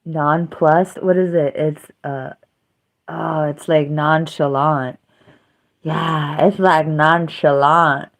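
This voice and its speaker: A woman talks on her livestream in a loose, rambling way. Her voice sits a bit low and her pace is slow. She trails off and restarts as she works through her feelings. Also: fairly even intonation. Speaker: livestream host. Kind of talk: casual livestream chat.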